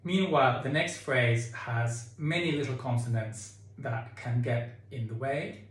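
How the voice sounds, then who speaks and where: A man leading a choir tutorial, calmly explaining diction and sometimes singing phrases to show them. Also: mid-range voice, a little slow. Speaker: choir director. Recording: echoey room with keyboard.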